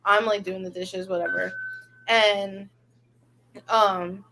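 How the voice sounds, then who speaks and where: A woman co-hosting a casual podcast, telling lively stories about motherhood and using "like" constantly. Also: mid-range voice, slow pace. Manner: animated storyteller, lots of "like". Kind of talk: casual chat.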